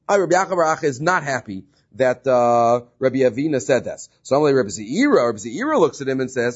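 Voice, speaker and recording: A man's voice: medium pitch, very animated, fairly quick, hardly any pauses, breathy edge. A man teaching a Talmud study class, reading Hebrew and Aramaic text and paraphrasing it with frequent fillers and restarts. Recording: dull lo-fi recording.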